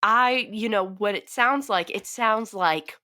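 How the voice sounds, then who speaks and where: A woman co-hosts a film review podcast, chatting casually in a mid-range voice at a slow pace. She's animated, laughs often and acts out quotes.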